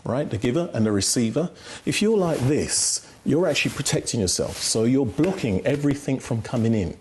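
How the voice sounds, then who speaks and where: Male expert, instructive talk-show guest, emphatic, mid pitch. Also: animated, brisk, darkish tone, a little hiss or hum. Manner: instructive, emphatic, frequent "right?" tag questions. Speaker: communication skills guest expert.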